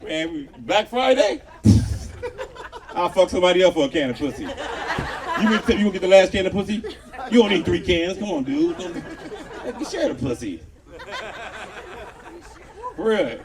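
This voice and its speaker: A man's voice: sits high, lively intonation, fairly quick. A man in his thirties from Los Angeles doing a loose, profane stand-up set with lots of crowd work on an outdoor patio. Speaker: stand-up comedian. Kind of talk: live stand-up comedy set. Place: outdoor patio comedy show. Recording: distant live audio with crowd laughter.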